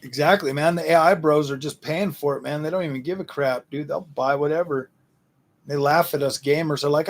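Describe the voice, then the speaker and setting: A man with a raspy, fry-heavy voice pitched a little high hosts a casual livestream. He rants to chat in loose slang and keeps repeating and restarting his sentences. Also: a little fast. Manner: slangy ranting, lots of "dude" and "man". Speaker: livestream host answering chat.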